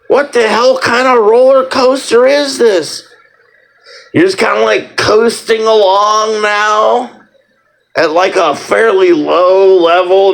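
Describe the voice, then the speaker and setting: A man's voice: high voice, creaky, a bit bright, rough recording. A man in a casual ranting monologue, sarcastic and profane, rambling with lots of fillers and mock-scolding.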